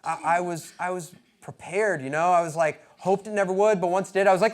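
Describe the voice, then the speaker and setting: A man in his thirties doing stand-up comedy, telling a personal story and acting out both sides of the conversation, going from hushed to shouting. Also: high voice, moderate pace, pauses often. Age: 30s. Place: comedy club stage with a laughing audience.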